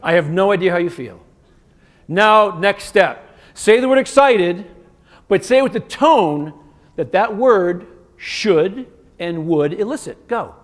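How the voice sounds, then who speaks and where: On a conference stage in a large hotel venue, a man with a high voice gives an interactive keynote as a communication coach. He's energetic, firing quick commands at the audience.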